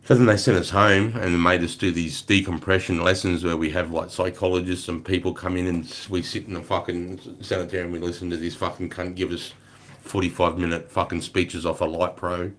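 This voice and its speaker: Low-voiced profane Australian man. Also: little pitch movement, brisk, a bit bright, slight background noise. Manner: profane, blunt, rambling. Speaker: livestream host, army veteran. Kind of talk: casual livestream storytelling.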